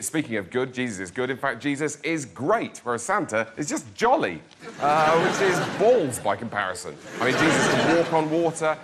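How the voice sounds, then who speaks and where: A man making a dry, wry comic argument on a panel show, building lists to punchlines. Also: mid-range voice. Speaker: comedian arguing a side. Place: studio with live audience. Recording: loud laughing crowd, noisy.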